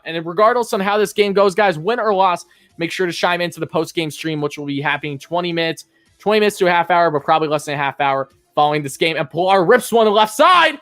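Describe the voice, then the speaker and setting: A man with a high voice calls a game live as a fan, talking straight to his chat. He moves between easy pitch-by-pitch calls and loud, excited reactions, with faint music playing underneath. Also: dry recording. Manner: chatty, addresses chat as "guys", swings from calm calls to loud outbursts. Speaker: fan commentator and streamer. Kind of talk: live play-by-play fan commentary.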